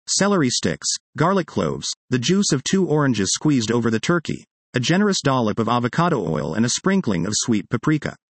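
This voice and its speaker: A man reading a first-person magazine article aloud in a lively, expressive way. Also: medium pitch, dry recording.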